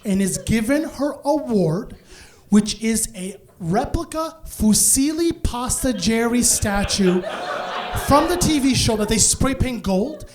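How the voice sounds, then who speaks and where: A man from Canada tells a long comic story on a club stage, animated and quick to laugh through his punchlines. His voice sits high for a man. He speaks into a handheld stage mic. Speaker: stand-up comedian. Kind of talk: stand-up storytelling.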